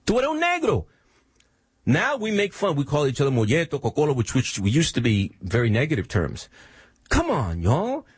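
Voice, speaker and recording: A man's voice: mid-range voice, wildly swooping pitch, a little fast, husky, no room sound. A man hosting a radio show, talking in an emphatic, preachy monologue full of rhetorical questions. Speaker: radio host.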